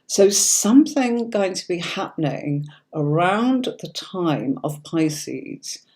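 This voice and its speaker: A woman's voice: lowish voice, big pitch swings, slow pace, a little mellow. A woman from Yorkshire with a neutral standard British accent, hosting a live-stream tarot reading in a chatty, reassuring way and often checking in with listeners. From Yorkshire, England. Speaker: tarot reader hosting a livestream.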